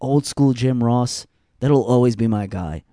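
A man's voice: mid-range voice, measured pace, warm tone, no echo, studio quality. A young adult man hosting a podcast, ranting in a blunt, profane way and repeating points for emphasis. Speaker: podcast host. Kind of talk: casual ranting commentary.

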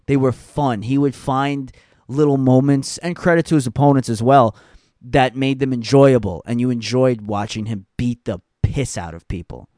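A man's voice: mid-range voice, fairly even intonation, normal speed, darkish tone, no echo, clean studio sound. A young adult man hosting a podcast, ranting in a blunt, profane way and repeating points for emphasis. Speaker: podcast host. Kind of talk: casual ranting commentary.

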